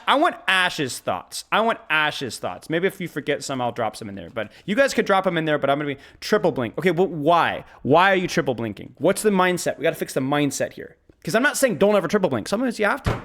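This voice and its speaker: A man coaching a player live over a game replay, excitable and animated, talking in bursts with lots of repetition. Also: a little high. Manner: animated, excitable, talks fast in bursts with repeated phrases. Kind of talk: live-streamed gameplay coaching.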